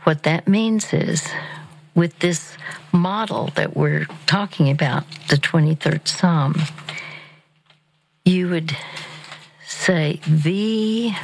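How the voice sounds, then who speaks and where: A woman counseling a caller on a call-in show, speaking gently and drifting into a near-whisper as she guides slow breathing. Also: sits low, poor audio. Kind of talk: calm faith-based counseling.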